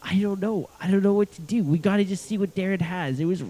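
An anxious young company man in a tabletop role-play who frets aloud, flares up and then apologizes too much, played by a man. His voice sits fairly high for a man. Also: fast, warm tone, close to an everyday voice. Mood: worried. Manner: fretful, rising to outbursts, then apologetic. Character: anxious, earnest young corporate worker man.

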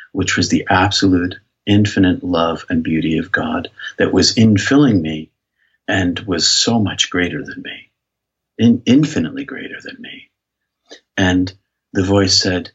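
A man with a deep, husky voice recounts a personal story as an interview guest, speaking earnestly and reflectively with frequent restarts. The recording sounds dull and lo-fi. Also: a bit bright. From United States. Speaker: pastor and guest.

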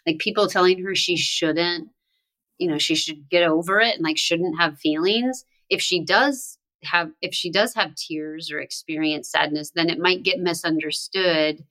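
A woman with a fairly low voice speaks earnestly on a podcast. She often pauses on "um" as she shares a personal memory. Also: sharp tone. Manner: earnest, personal, hesitant with ums. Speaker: ministry staffer on a podcast. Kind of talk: casual conversation.

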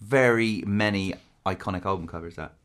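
A man's voice: deep voice, fairly quick, clean tone. A man co-hosting a podcast, chatting casually and telling jokey stories. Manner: chatty, jokey, lively storyteller. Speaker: podcast co-host. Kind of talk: casual chat.

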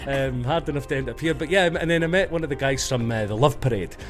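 Soft music plays in the background as a middle-aged man from Scotland, speaking with a Scottish accent, rattles off rambling stories in a relaxed interview. Talking quickly at a medium pitch, he keeps stopping to correct himself.

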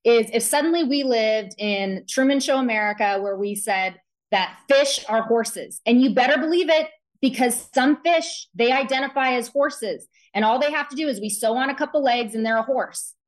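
A woman's voice: a little high, moderate pace. A woman guest on a talk show, arguing emphatically and building her points with vivid analogies. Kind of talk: opinionated talk show chat.

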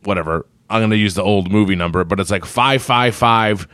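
A man's voice: lowish voice, brisk, fairly bright tone, clear, resonant tone, dry recording. A man co-hosting a podcast, teasing and laughing often in casual chat. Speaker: podcast co-host.

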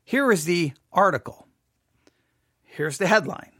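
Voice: mid-range voice, expressive, moderate pace, a bit bright, dry recording, clean studio sound. A host of a daily devotional talk in a casual style, reading article lines aloud, repeating phrases and asking listeners rhetorical questions. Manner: reads article lines aloud and comments on them.

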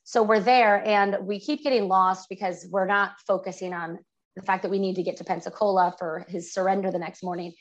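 A woman's voice: mid-range voice, fairly even intonation, fairly quick, highs cut off. A woman guest on an interview podcast, vividly retelling a personal story with lots of fillers.

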